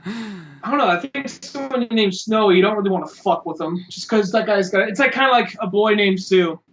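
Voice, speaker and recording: A man's voice: high-pitched, brisk, a bit bright, lo-fi sound. A man co-hosting a podcast, rambling casually about a movie with lots of fillers and swearing. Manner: rambling, profane, many fillers. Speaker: podcast co-host.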